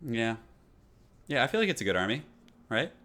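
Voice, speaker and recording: A young man casually chatting through a live gaming stream, reading out viewer messages in a relaxed, rambling way at a desk microphone. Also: medium pitch, normal speed. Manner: relaxed, chatty, reads chat aloud.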